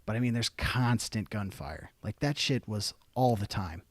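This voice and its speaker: Profane, animated young man telling stories. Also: on the low side, normal speed, no room sound. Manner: profane, animated storyteller acting out quotes. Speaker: podcast guest, army veteran. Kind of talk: casual storytelling.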